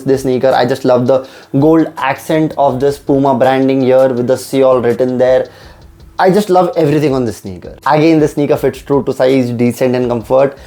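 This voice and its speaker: Here a young man with a mellow, mid-range voice is excitedly opening a box of sneakers and reviewing them. Over and over he says "I just love," gushing about how much they mean to him.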